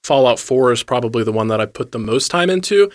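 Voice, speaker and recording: A man's voice: medium pitch, animated, quick pace. A man co-hosting an entertainment news show, talking casually with lots of fillers and restarts. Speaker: co-host.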